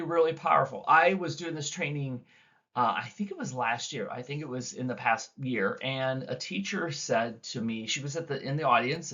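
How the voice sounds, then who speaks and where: A man leading a teacher training session, talking to an audience of teachers and acting out quoted dialogue with big swings in pitch and loudness. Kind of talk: recorded teacher training talk. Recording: dull lo-fi recording.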